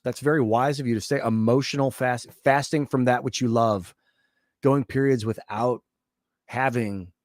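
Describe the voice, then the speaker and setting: A man's voice: medium pitch, no room sound, studio quality. A man in his thirties chatting casually while streaming a game, rambling and reflective as he reads chat aloud.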